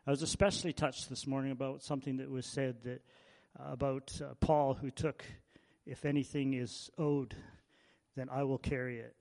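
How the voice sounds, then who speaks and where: A man, a visiting missionary, giving informal announcements to a church congregation, halting and repeating himself as he goes. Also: mid-range voice, little pitch movement, vocal fry, darkish tone, in a large hall.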